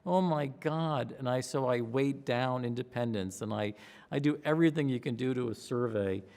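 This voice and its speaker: A man, a pollster, recounting a campaign story in an interview, acting out his own excitement with gasps and a raised voice. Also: medium pitch, a little fast. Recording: long hall reverb.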